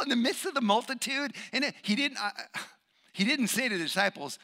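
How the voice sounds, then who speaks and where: A man preaching a sermon, emphatic, swinging between loud bursts and hushed asides. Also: very high voice, brisk.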